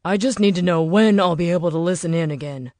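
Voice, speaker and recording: A woman voicing a gruff, impatient man in command, who swears and gives blunt orders. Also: high-pitched, fast, a little mellow, no room sound, studio quality, natural voice. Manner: brusque, curses, gives orders. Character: gruff impatient male militia leader.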